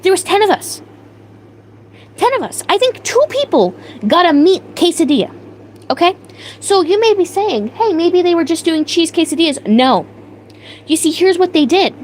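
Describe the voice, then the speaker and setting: A young woman hosting a livestream, telling a story in a casual, animated way with mock outrage and laughter, answering her chat. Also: very high-pitched, a little slow, pauses often, slight background noise, low-quality recording. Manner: animated, exaggerated outrage, laughing, reads chat names aloud. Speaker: livestream host.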